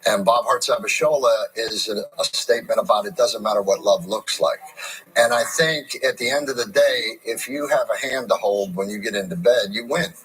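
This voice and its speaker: A man's voice: on the low side, normal speed, a bit bright, low-quality recording. A middle-aged man, a guest on a talk show, telling stories in a chatty way and often repeating words as he starts a sentence. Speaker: actor and comedian guest.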